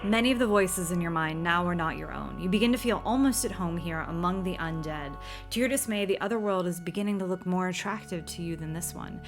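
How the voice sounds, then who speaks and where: A woman's voice: lowish voice, a little fast, soft background music. Woman reading game text with wry asides. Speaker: game streamer. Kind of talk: retro game playthrough, reading game text aloud.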